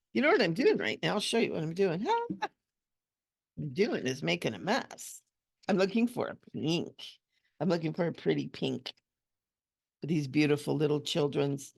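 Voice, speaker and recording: A woman with a deep, very gravelly voice talks her way through a coloring session. Her manner is gentle and chatty, and she coos softly over the little details of the picture. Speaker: coloring channel host and hypnotherapist. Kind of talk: relaxed chatty coloring tutorial.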